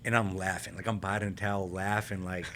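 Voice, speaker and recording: Fast-talking man with a bright voice. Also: low-pitched, a little hiss or hum. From California. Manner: animated, laughs while telling war stories. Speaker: podcast guest, retired army infantryman. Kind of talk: casual interview storytelling.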